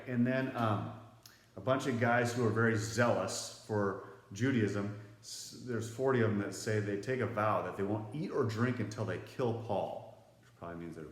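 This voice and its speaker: A lower-voiced man walks students through a Bible passage in a relaxed, chatty way. He stops to pose questions and explain. His voice rings with a noticeable room echo. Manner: conversational, explains and asks questions to the class. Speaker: Bible teacher. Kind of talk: casual classroom lesson. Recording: roomy echo.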